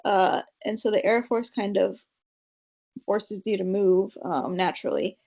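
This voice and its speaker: A mid-range, gravelly, slightly mellow voice belongs to a young California woman speaking a little slowly in a steady tone. She's a chatty podcast guest sharing family stories, quoting her parents amid many fillers, captured in dull lo-fi audio.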